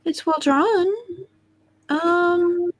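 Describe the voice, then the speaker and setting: A woman's voice: very high-pitched, steady tone, very slow, no room sound. A woman on a casual comics panel who is hesitant and jokey and chats with a lot of fillers.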